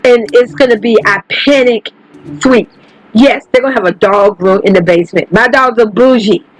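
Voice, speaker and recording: Woman, gameplay commentary host, chatty, profane, frequent laughs, pitch leaping up with excitement, calls viewers baby. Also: normal speed, no echo, rough recording. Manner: laughs often, voice jumps high when excited. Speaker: gaming channel host.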